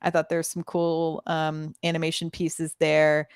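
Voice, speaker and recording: Podcast co-host, woman; fry-tinged lower voice, dead-dry close mic, easy laughs. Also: monotone, a little slow, dry recording. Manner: laughs often, fills with "um". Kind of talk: casual podcast review chat.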